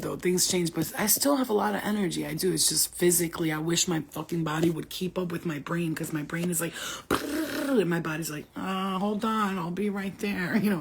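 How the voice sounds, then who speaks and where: A woman's voice: on the low side, creaky, slight background noise. A woman, a spiritual healer, rambling and swearing freely in casual chat with her viewers.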